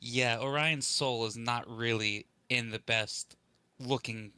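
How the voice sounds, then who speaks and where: A man describes his character's moves in a tabletop game with relaxed, casual ease. His voice is bright and forward, with a middle pitch, in a dry, close sound. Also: takes it slowly, smooth, no echo. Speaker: player.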